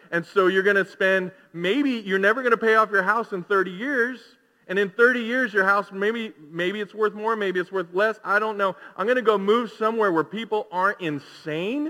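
A man's voice: sits high, bright, forceful tone. A man preaching a sermon, conversational and full of rhetorical questions. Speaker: pastor. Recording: long hall reverb.

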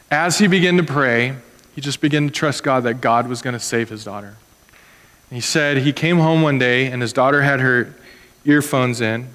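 A man's voice: medium pitch, a bit bright. Man, pastor, earnest conversational sermon, acts out quotes, long echo of a church hall.

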